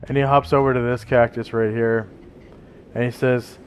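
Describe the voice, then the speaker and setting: A man's voice: medium pitch, flat delivery, moderate pace, soft background music. A man running a tabletop game as game master, narrating hesitantly with frequent fillers.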